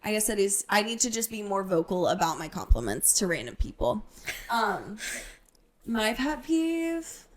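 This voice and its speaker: A woman's voice: mid-range voice, very animated. Young woman, podcast host, casual storytelling chat. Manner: chatty, storytelling, quick to laugh. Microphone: podcast mic.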